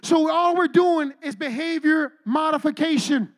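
Pastor guy preaching, super high voice for a man, slangy, lively storytelling. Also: unhurried. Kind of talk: sermon.

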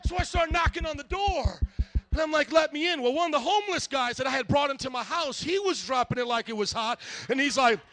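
A male pastor preaching a sermon, telling stories in an animated way and shouting as he acts them out. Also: very high-pitched, brisk. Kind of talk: sermon with storytelling.

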